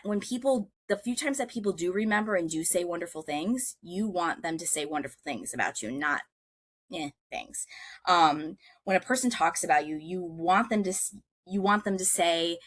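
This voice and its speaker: A woman, giving a casual career talk on a video call, chatty and animated, with many "um"s. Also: fairly low pitch. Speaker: workshop presenter.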